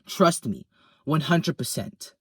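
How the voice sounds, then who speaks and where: A man's voice: mid-range voice, lively intonation, moderate pace, heavy background noise. A man narrating a review voice-over and gushing with over-the-top praise. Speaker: video reviewer.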